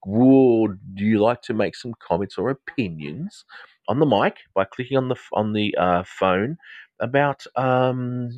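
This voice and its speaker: A man's voice: medium pitch, a little mellow, no echo. A middle-aged man with an English-Australian accent, a psychotherapist chatting playfully and rambling with viewers during a live social media stream. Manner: playful, rambling, jokey asides.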